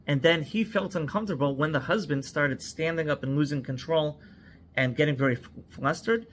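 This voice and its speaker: A man with a somewhat high voice tells a cautionary story in an earnest tone. He drives his point home with strings of short, stacked phrases. Faint background ambience sits under his voice. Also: brisk, fairly bright tone, a little hiss or hum. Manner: earnest, stacks words in lists. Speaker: psychological first aid trainer.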